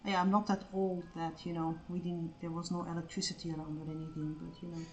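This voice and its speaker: A woman's voice: on the low side, flat delivery, fast, echoey room, slight background noise. A woman art streamer chatting casually as she draws, scattered and self-mocking, and she swears freely. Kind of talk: casual live-stream chat while drawing.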